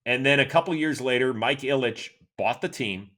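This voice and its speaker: A middle-aged man from Cleveland hosting a solo sports show, answering listener questions in an animated, chatty storytelling way. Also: moderate pace, few pauses. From Cleveland, Ohio, USA. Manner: animated, chatty storyteller with lively swings in pitch. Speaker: host.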